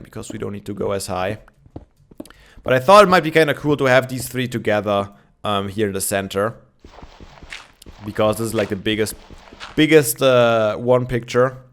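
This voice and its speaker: A man's voice: medium pitch, a little hiss or hum. A young man giving casual gameplay commentary, chatting and thinking aloud with many fillers, with his morning voice. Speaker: Minecraft let's player.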